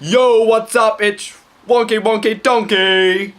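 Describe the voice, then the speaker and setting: A man's voice: high-pitched, fairly even intonation, slow, a bit bright, pitched above the performer's own voice. A man voicing a brash young male chav with a British accent, peppering every line with slangy tags. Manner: slangy, with filler tags like innit and mate.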